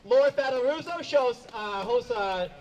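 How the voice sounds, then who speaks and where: A man's voice: very high-pitched, expressive, measured pace, darkish tone, highs cut off. A man hosting an outdoor comedy show, making loose, chatty announcements between acts. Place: outdoor event.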